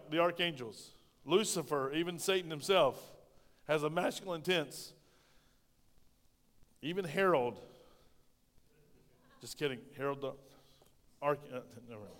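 In a church sanctuary whose large hall gives the recording long reverb, a pastor preaches in a high, lifted voice. He swings between loud bursts and hushed remarks, punctuating points with call-and-response asides to the congregation.

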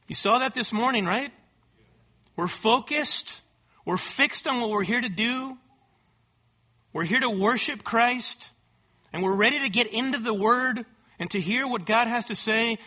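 A pastor preaches to his congregation in a high, forceful voice. He leans hard on key words, repeats them for weight, and keeps checking in with a quick "right?". The tone is that of a church sermon. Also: breathy edge. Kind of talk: expository sermon. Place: church service.

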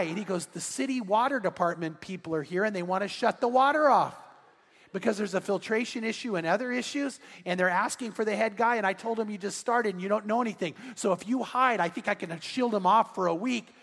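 Male pastor, high voice, animated storyteller, long church reverb. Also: fairly quick, creaky. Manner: animated, acts out dialogue in his story. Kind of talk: sermon storytelling. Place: large church sanctuary.

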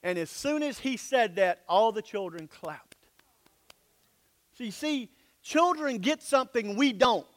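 A man's voice: extremely high pitch, lively intonation, measured pace. A man preaching a sermon, reading scripture aloud and then explaining it in a folksy, plain-spoken way. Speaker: pastor.

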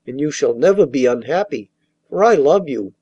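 A man's voice: on the high side, animated, normal speed, warm tone, husky, dry recording, dull audio. A man voicing a simple-hearted young soldier who speaks plainly and earnestly in a storybook.

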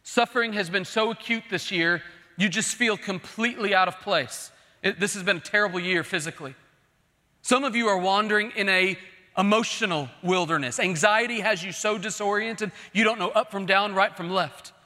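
Male pastor, high bright tenor, earnest emphatic sermon delivery, long church-hall reverb. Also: normal speed. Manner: earnest, emphatic preaching that swells into pleading.

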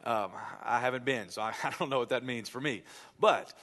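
Speaking at a medium pitch and a brisk clip, a male pastor delivers a church sermon. He guides the congregation in a hushed prayer and tells a family anecdote, bringing the quoted voices vividly to life.

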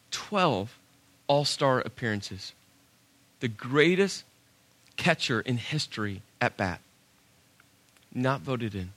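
A man preaching a sermon as pastor, telling a personal story in an animated way and acting out his own inner dialogue. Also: mid-range voice.

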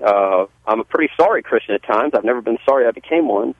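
A man's voice: mid-range voice, expressive, fast talker, dry recording. A Southern-accented pastor tells his story in an earnest, folksy way, stopping and restarting as he goes. His voice comes through a thin, phone-like line. The sound is close and dry. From Southern US (Georgia). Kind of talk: testimony in a radio interview.

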